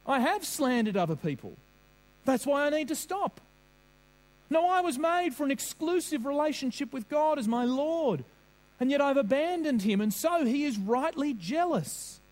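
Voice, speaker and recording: High-voiced, lively male preacher. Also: normal speed, poor audio. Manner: earnest, questioning, uses vivid everyday examples. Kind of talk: sermon.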